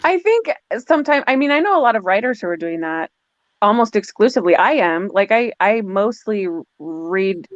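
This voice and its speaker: A woman's voice: medium pitch, big pitch swings, normal speed, no echo. A woman author chatting casually in a live video call, laughing often and acting out what others said. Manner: chatty, laughing, acts out quotes. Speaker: guest author. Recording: dull, lo-fi dry audio.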